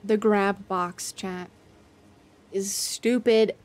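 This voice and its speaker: A woman streaming a game, chatting to her viewers in a flustered, self-mocking way, with loud panicked outbursts and casual swearing. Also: mid-range voice, steady tone, very slow. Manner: swears casually, talks to chat. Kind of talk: casual gameplay commentary. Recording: faint game music behind.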